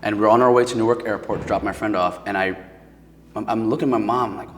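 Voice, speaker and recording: A man's voice: lowish voice, fairly even intonation, fast talker, fairly bright tone, long reverb tail, slight background noise. A man from New Jersey telling a personal story as a guest, in a casual, emotional way full of "like" and "um". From Paterson, New Jersey. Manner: casual and emotional, heavy with fillers. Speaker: podcast guest.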